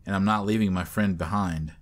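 A bossy, protective young man who takes charge in a crisis, as a horror narrator reads him. His voice is deep and low, and his tone is firm and commanding. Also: steady tone, brisk, natural voice.

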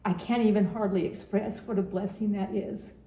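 A woman's voice: mid-range voice, steady tone, normal speed, warm tone, echoey room, poor audio. A woman in her seventies from Utah, giving a heartfelt farewell message to her grandson, earnest and often repeating her phrases. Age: 70s.

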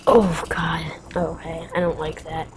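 A woman's voice: low voice, little pitch movement, a little slow, noisy background. A woman giving let's play commentary, rambling and mocking herself, with sudden yelps and screams. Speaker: game player.

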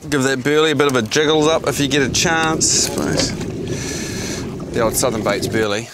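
A man's voice: medium pitch, moderate pace, background noise. A man with a New Zealand accent hosting a fishing show, coaching anglers on a small boat outdoors in a laid-back, matey way. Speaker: fishing show host and skipper.

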